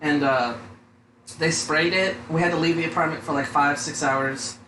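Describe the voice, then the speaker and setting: A man's voice: on the high side, steady tone, normal speed. A young man chatting casually as a podcast co-host, rambling and swearing a lot, often saying "dude". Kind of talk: casual profane chat. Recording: echoey room with faint noise.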